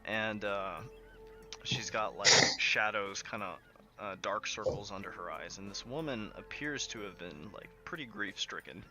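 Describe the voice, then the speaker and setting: A man's voice: on the low side, unhurried. A man narrating as game master of a tabletop game, in a casual, filler-heavy way. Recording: background music under the voice.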